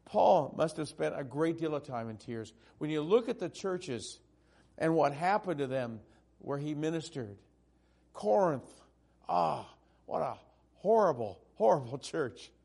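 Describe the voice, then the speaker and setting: A pastor man delivering a sermon in a gravelly, somewhat high voice. His pitch leaps and falls dramatically, rising to loud, emphatic peaks and sinking into soft, hushed lines. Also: expressive, unhurried.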